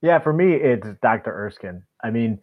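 A man's voice: medium pitch, expressive, moderate pace, phone-quality sound. Male podcast co-host, eager and rambling, heard through a thin phone-style line. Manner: enthusiastic, rambling with restarts. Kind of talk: casual movie discussion.

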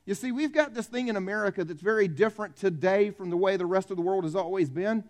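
A South Carolina pastor gives a Christmas Eve sermon in a high voice. He speaks in a relaxed, folksy way, joking with the congregation and bringing them into the story. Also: fast talker. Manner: conversational, folksy, jokes with the congregation. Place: church.

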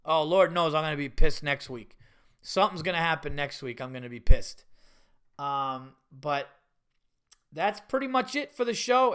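A man hosting his own podcast, telling profane, animated stories with laughs in a casual, unscripted way. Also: on the high side, vocal fry, clear, resonant tone. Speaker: podcast host and stand-up comedian. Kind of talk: casual solo podcast storytelling.

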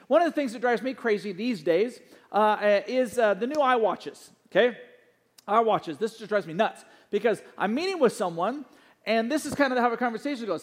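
High-voiced pastor in a reverberant hall. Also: male voice, lively intonation, moderate pace. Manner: conversational, anecdotal, many fillers. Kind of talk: sermon with announcements. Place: church sanctuary.

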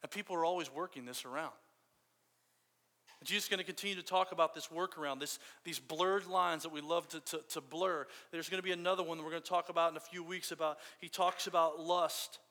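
A man's voice: on the high side, fairly even intonation, a little fast, pushed and bright. A man preaching a sermon in a casual, storytelling way. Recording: long hall reverb.

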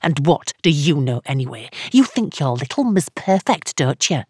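A woman's voice: sits low, lively intonation, normal speed. A woman narrator voicing a shaky, bitter middle-aged woman calling a radio advice show, her tone brittle and snappish. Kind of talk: audiobook character reading.

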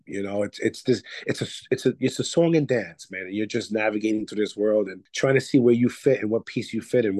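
A man's voice: lowish voice, darkish tone, dry recording. A man from Puerto Rico, an actor and comedian, chatting loosely in an interview, full of restarts and "you know.". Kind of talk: casual interview chat.

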